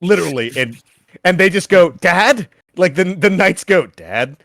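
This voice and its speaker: A man running a tabletop game as game master, casual and quick to laugh. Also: sits high, animated, gravelly, a bit bright, dry recording, clean studio sound. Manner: casual, laughing, swears freely.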